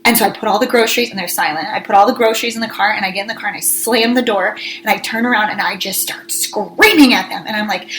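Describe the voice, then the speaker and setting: A woman co-hosting a casual podcast, telling a story with lively energy and bursts of shouting when she acts out scolding her kids. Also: mid-range voice, fast, few pauses, slight background noise, poor audio. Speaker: podcast co-host.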